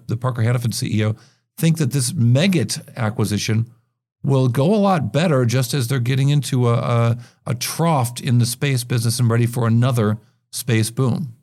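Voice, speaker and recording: A man hosting a business news podcast, talking through market stories in a conversational way with quick asides and frequent restarts. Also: mid-range voice, darkish tone. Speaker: podcast host.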